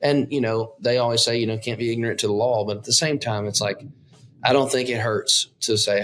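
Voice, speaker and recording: A man guesting on a casual hunting talk show, agreeable and halting, often restarting his sentences. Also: medium pitch, fairly even intonation, a bit bright. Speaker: guest musician. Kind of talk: casual conversation.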